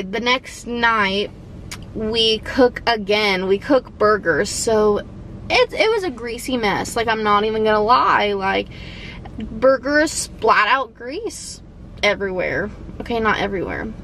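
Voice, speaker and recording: A young woman vlogger telling a story casually, animated, swearing, with lots of "like". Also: fairly high pitch, slight background noise, poor audio.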